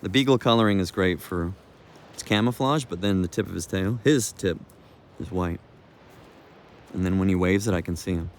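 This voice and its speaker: A man's voice: low voice, moderate pace, long pauses, slight background noise. A man vlogging outdoors while walking his dog, talking in a loose, meandering way with restarts. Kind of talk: rambling walk-and-talk vlog.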